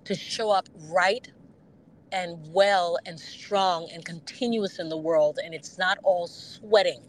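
A woman guest talking earnestly and reflectively about her faith, now and then bursting into animated bits, speaking from her car over a Bluetooth phone link. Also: fairly low pitch, takes it slowly, slight background noise, poor audio. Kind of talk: candid faith conversation. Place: driving in a car.

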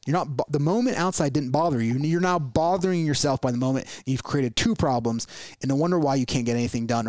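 A man's voice: on the high side, darkish tone, no echo. A man hosting a podcast in casual motivational talk, earnest and repetitive, acting out worried inner voices in quoted asides. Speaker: podcast host.

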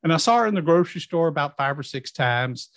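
A middle-aged male guest in recovery talks fast in a slightly high voice over a dead-dry recording. Animated and vivid, he recounts his own experiences and performs the quoted dialogue of other people.

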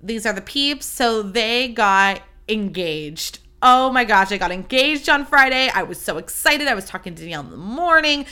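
Swearing freely, a young podcast host chats alone in a bubbly, effusive manner, her mid-range voice pushed and bright with a clean tone.

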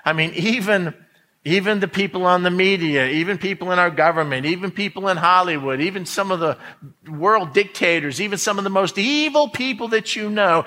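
A man preaching a sermon, speaking slowly and emphatically with dramatic pauses. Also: sits high, pushed and bright. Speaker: pastor.

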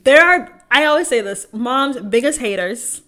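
A lively woman in her twenties co-hosts a casual podcast. Her voice sits fairly high, and she tells family stories with lots of energy, slipping into her parents' voices as she goes. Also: normal speed. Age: 20s. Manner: animated, laughing storyteller acting out family voices. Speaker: podcast co-host. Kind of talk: casual chat.

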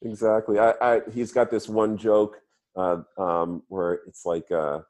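A man's voice: lowish voice, level tone, measured pace, a little mellow. A man in casual conversation, retelling a comedy bit with enthusiasm and frequent laughter. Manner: enthusiastic storyteller, laughs often. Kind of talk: casual chat.

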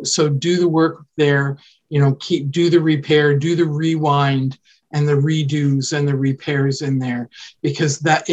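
A woman from Canada, a child development specialist, explaining parenting ideas in an earnest, conversational way on a podcast. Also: sits low. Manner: earnest, explanatory, often says "right?" and "you know".

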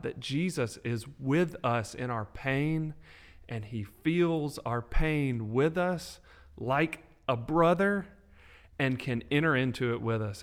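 A man co-hosting a faith podcast, talking with animated, preacher-like emphasis. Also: mid-range voice. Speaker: podcast co-host.

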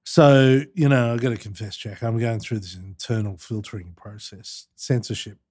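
A man's voice: fairly low pitch, fairly even intonation, moderate pace, darkish tone. Chatty Australian man telling anecdotes. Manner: anecdotal storyteller, chatty, with many fillers. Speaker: guest, former politician and diplomat. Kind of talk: conversational interview.

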